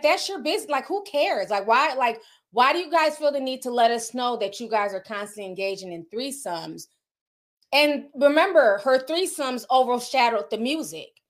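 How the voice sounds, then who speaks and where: A woman's voice: a little high, expressive, moderate pace. A woman commentator in casual chat, talking bluntly and with animation, swearing freely.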